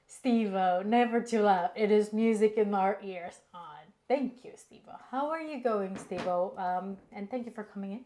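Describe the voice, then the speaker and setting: A woman's voice: mid-range voice, normal speed, few pauses, mellow. A woman co-hosting a live cooking stream, chatting casually, giggling and reading viewer comments aloud.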